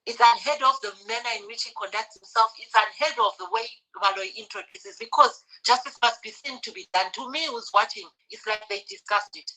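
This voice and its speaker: Annoyed woman ranting on a podcast, bright voice, lots of rhetorical questions. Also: a little high, sing-song, brisk, few pauses, poor audio. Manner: venting, exasperated, rhetorical questions. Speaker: podcast panelist. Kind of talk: heated casual commentary.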